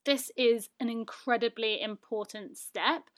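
Casting: young British woman, chatty self-mocking podcast host, a touch high-pitched. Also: unhurried. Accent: British English. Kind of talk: casual solo podcast monologue.

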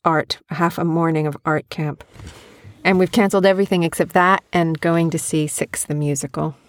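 A playful woman with a slightly low voice, quizzing her young child in a casual home podcast. She sounds close to a desk mic in a small room with a dry, dead sound. Her questions come teasing and quick. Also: steady tone, no echo. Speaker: podcast host. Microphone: desk USB mic.

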